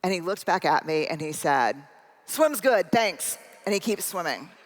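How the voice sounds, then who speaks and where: A middle-aged woman with a low-sitting voice and lively intonation speaks fairly quickly through a keynote that's humorous and self-deprecating. She recounts a personal story while addressing the audience directly, and the large conference hall adds long reverb.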